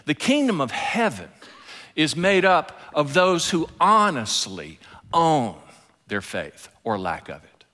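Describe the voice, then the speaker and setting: A man preaching a sermon, telling stories and dropping into soft, intimate asides. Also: medium pitch, measured pace. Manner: animated storytelling preacher, drops to soft asides. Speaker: pastor. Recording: long hall reverb.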